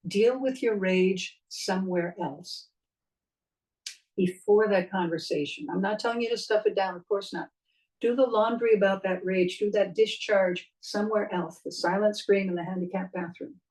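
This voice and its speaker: Middle-aged woman, voice coach, expressive delivery, mid pitch, a bit distant from the mic. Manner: expressive, demonstrates vocal techniques aloud. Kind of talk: spoken voice lesson.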